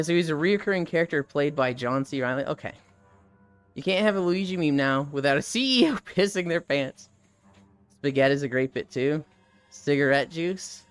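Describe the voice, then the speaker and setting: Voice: mid-range voice, fairly bright tone, clear, resonant tone. A streamer chatting casually and rambling with live viewers, laughing often and swearing freely. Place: outdoors walking.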